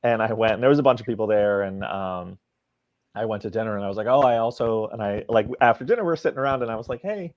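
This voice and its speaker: A man's voice: fairly low pitch, fast, no room sound. Man telling a story over a dull, dry line. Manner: animated storyteller acting out quoted dialogue. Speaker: guest, comic book writer. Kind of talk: casual anecdote in a podcast interview.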